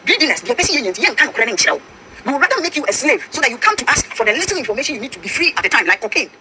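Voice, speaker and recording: A woman's voice: a little high, big pitch swings, racing, bright, forceful tone, slight background noise. A Ghanaian woman pastor with a Ghanaian accent, preaching emphatically and mixing English with Twi. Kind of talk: preaching talk-show discussion.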